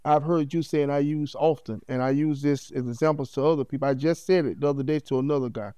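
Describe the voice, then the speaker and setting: A middle-aged man speaks as a podcast guest, his voice pitched a touch high yet warm and dark in tone. He tells his story in an animated, heartfelt way and keeps checking in with "you know what I mean." The sound is dry, with no room around it. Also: quick pace, clear, resonant tone, no echo.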